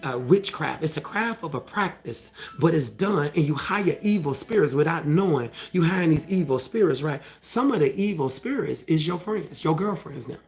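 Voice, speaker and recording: A man's voice: fairly high pitch, animated, moderate pace, few pauses. Fervent man preaching with a raised voice. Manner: emphatic, often asks "right?" of the listeners; colloquial and repetitive, with rising, fervent passages. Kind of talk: sermon.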